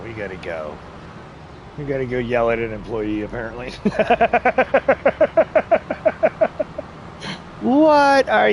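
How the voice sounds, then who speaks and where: A man's voice: medium pitch, slight background noise. A man hosting a live farming-game stream, chatting casually with viewers and joking with his in-game workers. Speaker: livestream host. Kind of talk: casual live gameplay chat.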